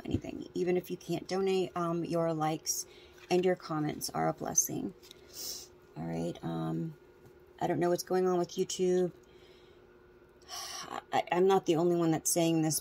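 A woman's voice: deep voice, vocal fry, warm tone, a little hiss or hum. A woman tarot reader, out of breath, chatting casually and rambling to her viewers. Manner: rambling, restarts often.

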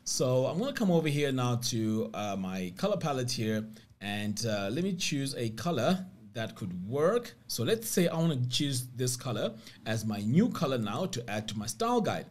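A man's voice: mid-range voice, big pitch swings, moderate pace. A man narrating a screen-recorded web design tutorial step by step, upbeat about what the features do.

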